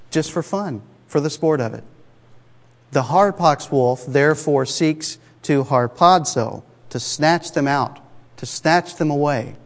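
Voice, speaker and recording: Preacher with a twang, echoing hall. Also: male voice, a little high. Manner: conversational, emphatic, asks the congregation rhetorical questions. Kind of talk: sermon. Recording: long reverb of a large hall.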